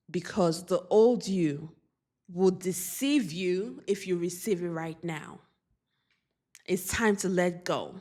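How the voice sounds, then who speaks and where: A woman doing a spiritual oracle card reading, speaking earnestly and repeating affirmations. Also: lowish voice. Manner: slow, repetitive, earnest affirmations.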